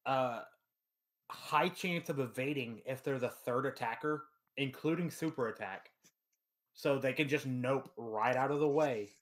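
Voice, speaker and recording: A man's voice: mid-range voice, a little slow. A man with a mid-range voice co-hosts a casual podcast chat. He reads out game stats with enthusiasm and drops playful asides. He talks into a computer mic over a remote call. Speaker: podcast co-host.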